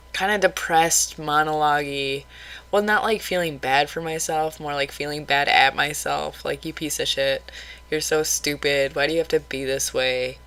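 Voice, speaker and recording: Bright-voiced woman rambling candidly. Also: sits low, poor audio. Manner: rambling, candid, self-critical. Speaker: vlogger. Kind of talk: casual late-night vlog.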